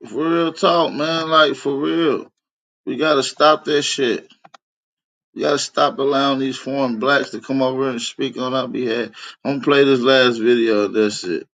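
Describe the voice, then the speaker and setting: A man's voice: mid-range voice, fairly even intonation, normal speed, a bit bright. Blunt, profane male stream host. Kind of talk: casual live stream commentary.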